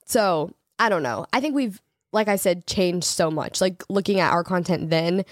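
A woman's voice: lowish voice, normal speed, dry recording, studio quality. A young woman co-hosting a casual chat with her husband, talking loosely with many fillers and frequent laughs. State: pregnant. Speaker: co-host, married creator couple.

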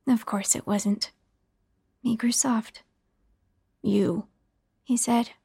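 A woman narrating a first-person horror story in a hushed, half-whispered delivery. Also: a little high, steady tone, slow pace, husky, no echo, studio quality.

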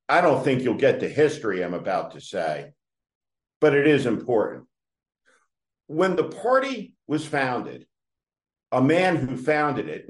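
Scornful, lively male political commentator. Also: mid-range voice. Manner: scornful, emphatic, addresses his target directly. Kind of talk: direct-address commentary rant. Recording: roomy echo.

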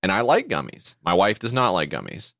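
A middle-aged man co-hosting a podcast, chatting casually in a rambling, jokey, animated way. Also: deep voice, fairly quick, creaky, no echo, clean studio sound. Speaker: podcast co-host. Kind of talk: casual chat.

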